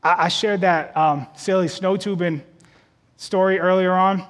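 A man's voice: high voice, steady tone, a little slow, a bit bright, big-room sound. A man preaching a sermon as pastor of a church, repeating words as he builds toward emphatic peaks.

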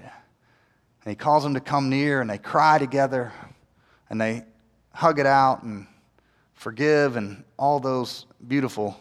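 A man preaching a sermon, telling the story with animated delivery and acting out the characters' lines. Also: medium pitch, a little slow, in a large hall. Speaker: pastor.

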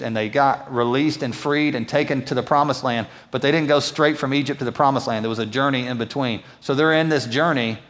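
A man preaching as a pastor, telling a Bible story in a conversational, animated way. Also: mid-range voice. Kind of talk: sermon. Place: church auditorium. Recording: echoey hall reverb.

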